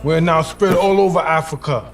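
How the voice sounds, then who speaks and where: A man's voice: on the high side, distant mic, lightly acted. A man playing an African general in a film, delivering his lines stiffly with a clumsy put-on accent, with music behind. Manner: stilted, halting line delivery. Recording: film clip with music, from afar.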